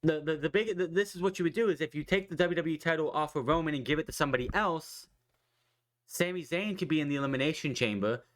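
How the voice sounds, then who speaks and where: A man on a podcast excitedly recapping a wrestling show in a rambling, casual way, swearing freely and acting out what the wrestlers said. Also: fairly high pitch, fast talker. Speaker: podcast host.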